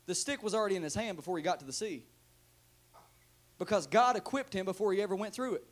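A male pastor preaching to a church congregation, moving between hushed talk and shouted calls for the room to answer back. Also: sits high, quick pace. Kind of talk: sermon.

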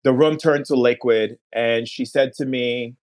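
A man who is a podcast guest, recounting a personal story in an earnest, unhurried way and often slowing down to linger on words. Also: mid-range voice, steady tone.

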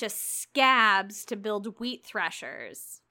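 A young adult woman co-hosting a casual book discussion, recapping the plot in an animated, profane way with frequent laughs. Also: medium pitch, measured pace, hardly any pauses. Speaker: podcast co-host.

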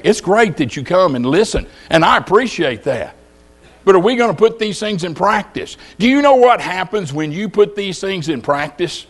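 A middle-aged man preaching a sermon, telling folksy stories and putting questions to the congregation. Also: a little high.

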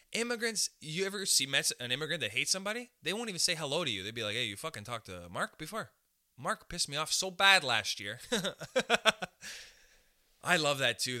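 A young man from Canada hosting a podcast, telling a comic story in a loose, animated way, swearing a lot and acting out the voices of other people. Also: on the high side. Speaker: podcast host. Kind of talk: casual comedic storytelling.

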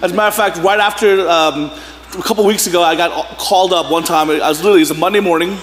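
High-voiced pastor joking in echoey hall. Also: male voice, fairly even intonation, fast. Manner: casual, joking storytelling with bursts of laughter. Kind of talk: sermon. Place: church sanctuary. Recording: echoey church hall with faint room noise.

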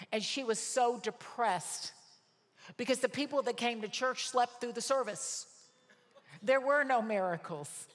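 A woman preaching a sermon, telling stories emphatically and repeating words for stress. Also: on the high side. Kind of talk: sermon with personal storytelling. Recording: long hall reverb.

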